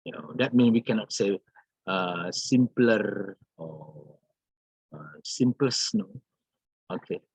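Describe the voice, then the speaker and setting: Slow, husky-voiced male English teacher. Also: fairly low pitch, expressive, no echo, low-quality recording. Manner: repeats example sentences and addresses the class with frequent fillers. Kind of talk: recorded grammar lesson.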